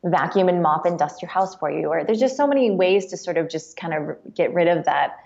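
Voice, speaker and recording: A woman's voice: fairly low pitch, animated, fairly quick, vocal fry, darkish tone, highs cut off. A woman guest on a podcast interview, chatty and upbeat, giving practical advice. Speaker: guest, author. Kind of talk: casual interview chat.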